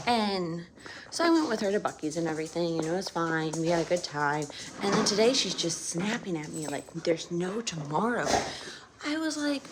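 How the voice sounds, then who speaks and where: Standing outside on her farm with wind around her, a young vlogger records a casual phone monologue venting about her family. Her voice is fairly low, expressive and at normal speed, and she sounds frustrated, constantly adding "right?".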